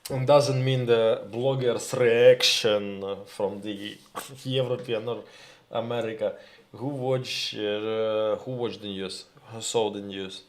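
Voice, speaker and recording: A Ukrainian man with a Ukrainian accent, hosting a live stream in halting English, reading viewer comments and calling his viewers "my dears". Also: lowish voice, steady tone. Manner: halting, searching for words, addresses viewers as "my dears".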